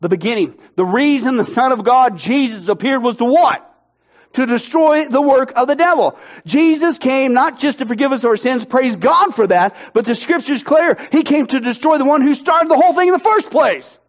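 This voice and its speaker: A pastor preaching a sermon with emphatic, energetic delivery and playful jokes. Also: male voice, extremely high pitch, normal speed. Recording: dull lo-fi sound.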